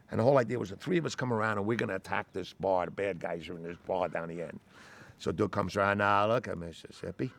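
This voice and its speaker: Older male actor, gravelly low voice, animated raconteur. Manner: rambling, animated storyteller with many "you know"s. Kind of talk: interview anecdote.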